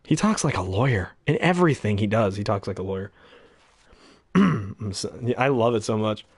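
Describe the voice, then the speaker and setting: With a lowish voice and lively intonation, this man talks at normal speed on a dry recording. He's an amateur voice actor rambling cheerfully about the voices he likes between impressions, often saying um and clearing his throat.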